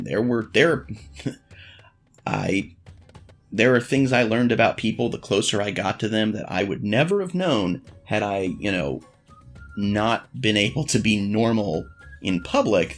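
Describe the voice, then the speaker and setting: A man's voice: fairly low pitch, creaky. A man vlogging frank dating advice in a blunt, profane, self-deprecating casual monologue.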